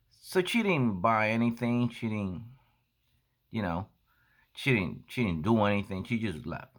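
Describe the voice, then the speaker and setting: A man with a lowish voice tells a story at a slow, unhurried pace in a casual monologue. His pitch rises and falls widely as he acts out the back-and-forth of the conversation. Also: lively intonation. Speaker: coffee seller and vlogger.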